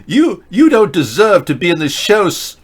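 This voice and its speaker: A man mocking a scolding teenage girl activist in a high, shouting voice. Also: big pitch swings, moderate pace, breathy edge, full character voice. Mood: indignant. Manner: shouting, accusing.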